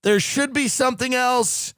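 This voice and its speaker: High-voiced man in a sardonic rant. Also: measured pace, pushed and bright, smooth, dry recording, studio quality. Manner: sardonic, building a rant with fillers. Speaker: comedian on a podcast. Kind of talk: comic rant.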